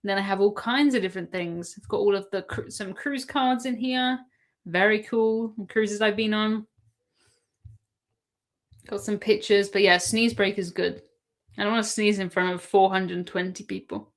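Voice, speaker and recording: A woman's voice: mid-range voice, steady tone, normal speed. An English woman chatting casually on a live stream, answering viewer questions and laughing often. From England. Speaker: cruise live-stream host.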